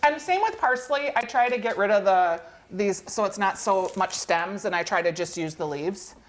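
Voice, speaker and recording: A woman's voice: medium pitch, lively intonation, moderate pace. A woman, chatty and upbeat, walking through a cooking demonstration on a TV show. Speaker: cooking segment guest.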